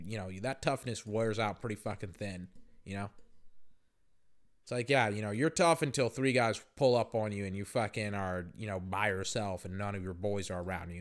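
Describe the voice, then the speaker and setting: Young male podcast host, casual storytelling, heavy swearing, loose rambling delivery, mid pitch. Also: a bit bright. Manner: profane, rambling, many fillers. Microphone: podcast microphone.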